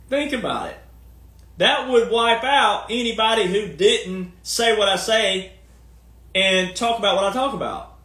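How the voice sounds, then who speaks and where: A man's voice: high-pitched, fairly bright tone, reverberant. A man talking in a long, casual monologue, folksy and emphatic, firing off rhetorical questions. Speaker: commentator and speaker.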